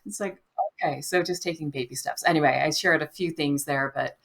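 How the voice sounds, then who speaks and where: A woman speaks as a podcast guest, with a voice pitched a little low for a woman. She talks in a gentle, reflective way and slips into playful quoted inner voices. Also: fairly quick, creaky. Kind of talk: conversational interview.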